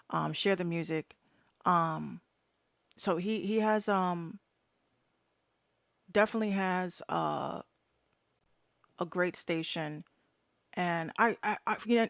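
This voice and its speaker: A woman's voice: fairly low pitch, no echo. Woman, Bronx accent, podcast host, blunt, swears a lot, dry room. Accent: New York, Bronx. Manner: blunt, fired-up, swears freely. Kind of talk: live podcast rant. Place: home room with air conditioner running.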